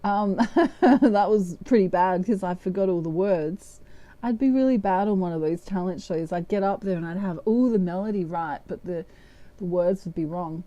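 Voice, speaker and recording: A woman's voice: fairly low pitch, normal speed, mellow. An Australian woman giving a casual, meandering tarot reading. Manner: chatty, meandering, breaks into humming. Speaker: tarot reader.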